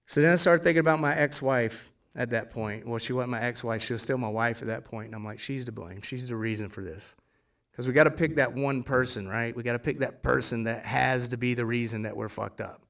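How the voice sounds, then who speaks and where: A man's voice: medium pitch, fairly quick, gravelly, few pauses, a bit bright, far from the mic. A man in his forties on a theater stage, telling his own recovery story in a casual, blunt way, with swearing and acted-out dialogue. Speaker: guest speaker sharing a recovery story. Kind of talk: live storytelling testimony. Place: theater stage before an audience.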